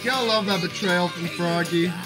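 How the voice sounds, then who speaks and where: A man streaming a game, giving excitable, joking commentary and yelling at the screen. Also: high voice, moderate pace. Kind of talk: gaming commentary. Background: game music.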